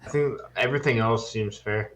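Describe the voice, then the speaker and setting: A man's voice: medium pitch, brisk, fairly bright tone. Laid-back young man, teasing. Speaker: podcast co-host. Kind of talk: casual chat.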